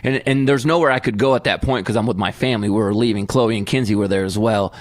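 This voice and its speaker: A man's voice: fairly low pitch, quick pace, dry recording. A man in his thirties, a podcast co-host telling a long story in casual chat and acting out the voices in his quotes.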